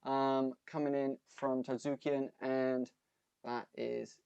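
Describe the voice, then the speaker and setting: A man's voice: medium pitch, flat delivery, slow pace, vocal fry, darkish tone, clean tone, no echo, lo-fi sound. A young man from America with an accent mixed between American and British, co-hosting a live fight stream in a laid-back way and reading out the chat. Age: young adult. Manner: laid-back, reads chat aloud, says mate and bro. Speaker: stream co-host.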